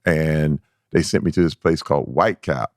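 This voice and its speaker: Deep-voiced man telling his story. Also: moderate pace, dry recording, clean studio sound. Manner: animated, acts out his own past voice in a squeaky high pitch; emphatic, repeats words and restarts when excited. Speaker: podcast guest. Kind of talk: candid storytelling conversation.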